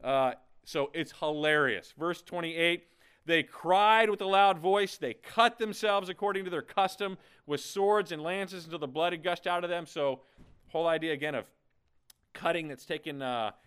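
Guy preaching a sermon, kinda playful, keeps saying okay, high clear voice. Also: moderate pace, a bit bright. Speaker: pastor.

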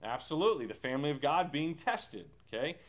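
A man's voice: a little high, big pitch swings, a little fast. A man leading a Bible study in a casual, talkative way, with many fillers and restarts. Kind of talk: casual teaching.

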